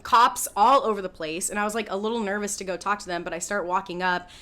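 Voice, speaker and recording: A woman's voice: medium pitch, steady tone, quick pace, sharp tone. A woman from California, co-hosting a podcast and telling a story in casual chat with casual swearing. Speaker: podcast co-host.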